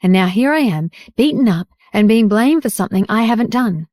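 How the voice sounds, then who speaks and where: A woman's voice: mid-range voice, animated, fairly quick, darkish tone, no room sound, natural voice. A woman voicing a hurt young heroine speaking her rueful inner thoughts.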